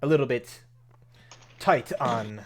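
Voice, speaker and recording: A man doing a formal, consoling noble gentleman. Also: mid-range voice, natural voice. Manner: formal, measured, slow speech. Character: courteous, consoling male noble benefactor.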